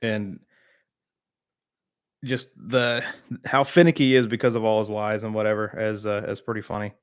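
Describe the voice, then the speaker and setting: A man's voice: fairly low pitch, flat delivery, moderate pace, clear, resonant tone. A man from the American South hosting a casual live-stream chat, rambling with many fillers and replying to viewers by name. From Southern United States.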